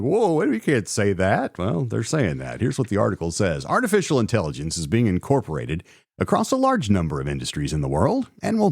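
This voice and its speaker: A man's voice: fairly low pitch, no echo, clean studio sound. A man hosting a solo podcast in a chatty way, often stopping himself mid-sentence and reading news articles aloud. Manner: chatty, self-interrupting with fillers and restarts. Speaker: podcast host.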